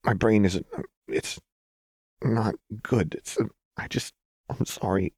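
A man voicing a fragile young woman who speaks in a shaky, halting hush. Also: mid-range voice, huge pitch swings, creaky, breathy edge, dry recording, studio quality, pitched above the performer's own voice, exaggerated voice. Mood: ashamed.

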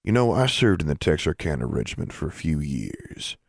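A man's voice: extremely low pitch, very animated, moderate pace, creaky, breathy edge, no room sound, clean studio sound, full character voice. A man voicing a stern, pompous middle-aged dean in an audiobook.

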